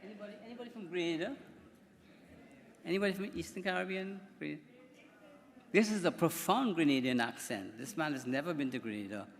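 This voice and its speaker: A man's voice: a little high, a little fast, long pauses. Male doctor at a conference, slightly raised voice, loose rambling delivery, conference-hall reverb. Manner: chatty, rambling, with repeated words. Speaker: doctor giving a conference talk. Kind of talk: conference presentation.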